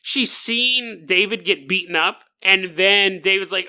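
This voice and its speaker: Sarcastic high-voiced male podcast host. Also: expressive, moderate pace, hardly any pauses, bright, forceful tone. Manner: sarcastic, joking, laughs often. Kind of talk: comedic storytelling podcast.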